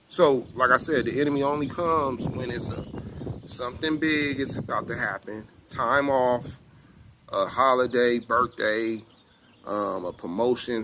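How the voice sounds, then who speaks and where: A middle-aged man, telling a personal testimony in casual, animated speech and acting out both sides of an argument. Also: mid-range voice, a little hiss or hum. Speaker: self-styled apostle telling a personal testimony.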